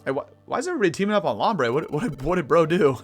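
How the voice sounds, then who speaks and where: A man's voice: on the high side, big pitch swings, fast talker. A man giving casual, jokey commentary over a game playthrough, laughing often and using slang. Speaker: gameplay commentator. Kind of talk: casual let's-play commentary. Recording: faint game music behind.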